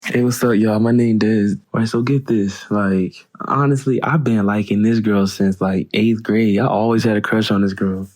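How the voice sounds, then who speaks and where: Laid-back teen guy with a low voice. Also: fairly even intonation, moderate pace, few pauses, a little mellow. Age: teens. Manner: casual slangy, laid-back. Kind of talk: storytelling.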